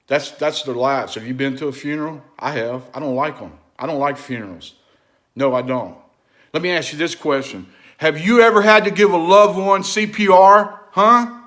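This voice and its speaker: A man with a somewhat high voice delivers a fervent monologue to his viewers. He repeats himself for emphasis and fires off rhetorical questions. His tone keeps swinging from loud, pushing urgency to low, intimate confiding. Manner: preachy, asks the listener rhetorical questions. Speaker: vlog host. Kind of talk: impassioned direct-to-camera monologue.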